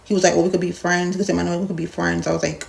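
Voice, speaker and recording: A young woman from Jamaica tells a story to her vlog camera, blunt and animated, acting out both sides of the talk. Her voice sits low and has a gravelly, fry-heavy texture. A faint hiss of background noise runs under her. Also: racing. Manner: blunt, animated retelling with quoted dialogue. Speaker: vlogger. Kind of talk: casual storytime rant.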